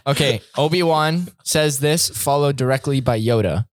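A man's voice: medium pitch, normal speed, dry recording, clean studio sound. A young man chatting casually with friends, easygoing and a little hesitant. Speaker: friend scrolling a script. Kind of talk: casual chat.

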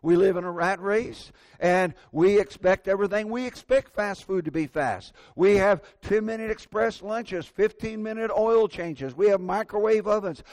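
A man's voice: high voice, normal speed, hardly any pauses, a little mellow, no echo. An older man preaching a sermon, telling folksy, self-deprecating stories from everyday life.

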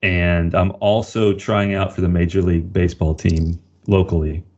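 A man playing a rookie male wrestler who calls himself a reverse vampire, deadpan and playing along. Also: sits low, normal speed, dull audio, lightly acted.

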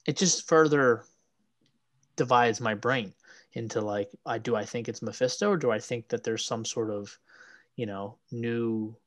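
A man's voice: mid-range voice, measured pace. A man co-hosting a casual recap chat, rambling and repeating words as he works through his ideas. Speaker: podcast co-host.

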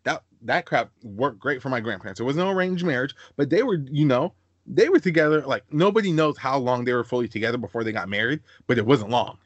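A young man chats on a podcast, telling animated stories and breaking into high-pitched voices for the people he quotes. His pitch leaps about freely, and the sound is dry and close with no room echo. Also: quick pace, dull audio. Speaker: podcast host. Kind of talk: casual podcast chat.

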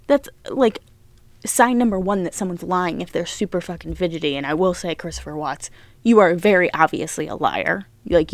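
A young woman hosting a casual true-crime podcast, chatty and animated, swearing often as she retells events. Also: medium pitch, gravelly, no room sound. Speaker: podcast host.

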